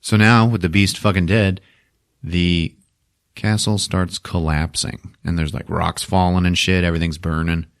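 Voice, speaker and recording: A man hosting a podcast, recapping a movie with lots of swearing and laughter, jumping into loud shouted character voices. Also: low voice, little pitch movement, moderate pace. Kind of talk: animated comedic movie recap.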